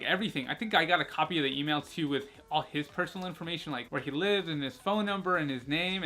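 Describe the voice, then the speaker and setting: A man's voice: fairly high pitch, bright, forceful tone. A young man vlogging, telling a story casually in a rambling, candid way with lots of fillers and some self-mockery.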